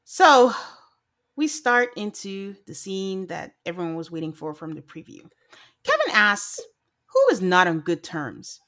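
A woman's voice: mid-range voice, sing-song, a little slow, a bit bright. A woman co-hosting a podcast, recapping a reality show in casual chat, laughing often and acting out quotes. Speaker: podcast co-host.

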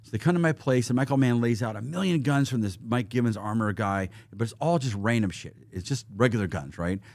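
A man's voice: mid-range voice, fairly quick, dry recording. A man talking as a podcast guest, telling casual stories with lots of acted-out quotes and gun sounds. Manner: animated, acts out quotes and gun sounds, restarts often. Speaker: podcast guest, firearms trainer. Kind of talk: casual storytelling.

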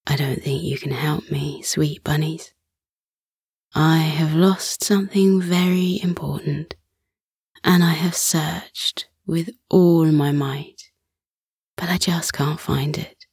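A gentle, sorrowful moon goddess, whispered by a woman in whispered role-play, her voice husky and low. She speaks slowly and softly, close and dry against the mic. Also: steady tone, no room sound, heavily acted. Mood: sad, gentle. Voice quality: husky, deep.

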